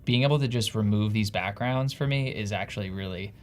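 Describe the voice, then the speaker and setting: A man's voice: on the low side, brisk, soft background music. A man with a New Jersey accent, co-hosting a casual live stream in an upbeat, chatty, self-deprecating way. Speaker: livestream co-host.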